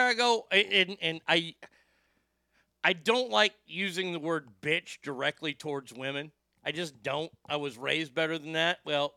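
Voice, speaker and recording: Loud foul-mouthed radio guy spinning a yarn, highish bright voice, dry studio sound. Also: creaky, dry recording. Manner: profane, loud and emphatic storyteller. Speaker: radio show host. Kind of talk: storytelling on a talk show.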